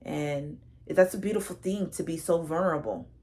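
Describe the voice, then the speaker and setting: A woman's voice: deep voice, lively intonation, normal speed, dark tone. A woman telling a personal story straight to her viewers, rambling and earnest, full of fillers like "like" and "you know". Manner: earnest, heartfelt and a little emotional. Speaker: tarot reader sharing a personal story.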